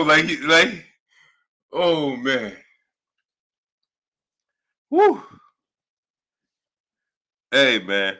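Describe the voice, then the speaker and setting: A man hosting a casual boxing livestream, giving shout-outs and laughing often as he talks. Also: medium pitch, sing-song, very slow, long pauses. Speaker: livestream host.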